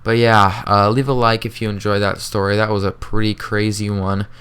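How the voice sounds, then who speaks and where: A man's voice: lowish voice, little pitch movement, moderate pace, fairly bright tone, smooth. Laid-back teen guy telling a story. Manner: laid-back, rambling, swears freely, many fillers. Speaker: vlogger. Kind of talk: casual storytime monologue.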